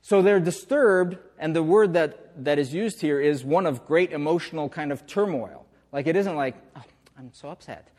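A man's voice: a little high, moderate pace, few pauses, a little mellow. Chatty preacher man in a reverberant hall. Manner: chatty, uses hesitant fillers and rhetorical questions. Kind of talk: conversational sermon. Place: church sanctuary.

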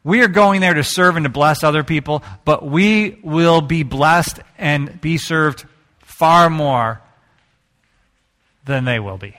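A man preaching a sermon, telling stories in an animated way and joking with the congregation. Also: fairly high pitch, slow pace. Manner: animated storytelling, jokes with the congregation. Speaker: pastor.

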